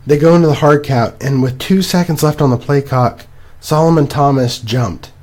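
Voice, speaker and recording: A young man co-hosting a casual podcast, rambling and animated as he recaps games. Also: a little high, normal speed. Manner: animated, rambling, laughs at himself. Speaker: podcast co-host. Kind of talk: casual fantasy football chat.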